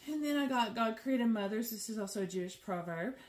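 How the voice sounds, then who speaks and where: A middle-aged woman hosts her flosstube stitching vlog in a fairly high, brisk voice, chatting casually and with lots of animation. She laughs often and peppers her talk with "girl" and "y'all."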